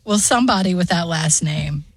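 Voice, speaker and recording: A woman's voice: fairly low pitch, lively intonation, moderate pace, breathy edge, dry recording. Skeptical female radio co-host. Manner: skeptical, teasing. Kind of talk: casual morning radio banter. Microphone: studio microphone.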